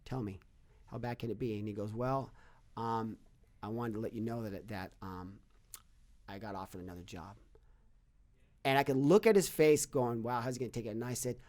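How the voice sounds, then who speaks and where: A man's voice: mid-range voice, normal speed, pauses often, darkish tone. A middle-aged man, a guest on a podcast, talking earnestly and telling stories, often repeating and restarting his words. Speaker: podcast guest, fitness business owner. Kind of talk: casual interview storytelling.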